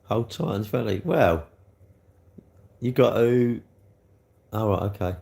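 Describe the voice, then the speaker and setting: A man chatting casually with viewers on a livestream, bantering as he reads comments, his throat a little hoarse. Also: lowish voice, takes it slowly, a little mellow. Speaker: livestream host.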